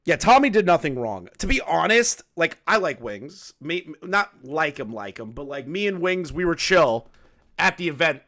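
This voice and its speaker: A man's voice: on the high side, sing-song, moderate pace, sharp tone. A man commenting casually on a clip and telling stories, loose and profane, laughing often. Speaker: commentary streamer.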